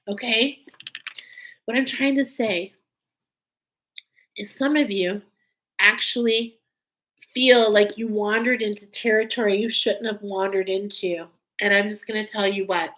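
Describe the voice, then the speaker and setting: A woman's voice: mid-range voice, a bit bright, low-quality recording. A woman giving an emotional, earnest spiritual oracle card reading, teary at times.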